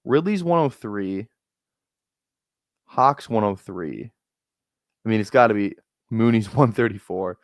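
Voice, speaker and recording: A man from Minnesota chatting casually on a live stream while drafting fantasy football, rambling into excitable, profane rants full of filler words. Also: lowish voice, a little slow, pauses often, no room sound, studio quality. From Minnesota, USA.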